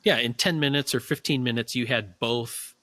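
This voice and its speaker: A man's voice: medium pitch, moderate pace, pushed and bright, dry recording, studio quality. A man hosting a podcast, easygoing and agreeable in casual chat. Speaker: podcast host.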